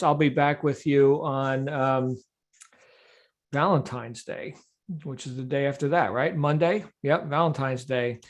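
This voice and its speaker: A middle-aged man with a fairly high voice, hosting a daily group call. He talks in a friendly, chatty, encouraging way over a video-call mic. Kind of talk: casual upbeat hosting.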